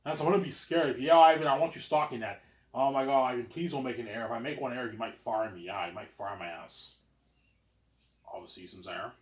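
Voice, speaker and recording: A young man talks straight to the camera in a loose, rambling monologue, tripping over the same words and starting sentences again and again. His voice sits at an ordinary pitch for a man. The room around him gives it a clear, hollow echo. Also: quick pace. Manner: repetitive, stammering restarts. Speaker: vlogger.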